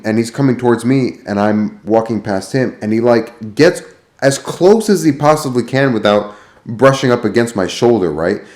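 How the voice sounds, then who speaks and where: A man's voice: mid-range voice, darkish tone, roomy sound. A man telling a rambling, profanity-filled story as a vlogger. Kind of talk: ranting vlog storytelling.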